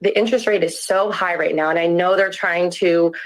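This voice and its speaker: A woman's voice: fairly low pitch, fairly even intonation, brisk. A woman voter answering an interviewer earnestly, with some fillers. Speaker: voter on a panel.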